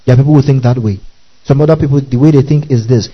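A man serving as pastor preaches a sermon, reading scripture slowly and deliberately and repeatedly checking in with his congregation. His voice is medium-pitched and slightly rough, heard through a dull, lo-fi recording.

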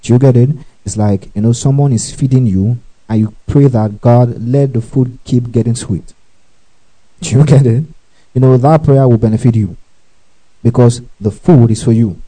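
A man's voice: medium pitch, moderate pace, mellow, low-quality recording. A man preaching a sermon and teaching from scripture. He repeats key phrases and keeps asking his listeners whether they get it. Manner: tells listeners to underline verses. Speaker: pastor.

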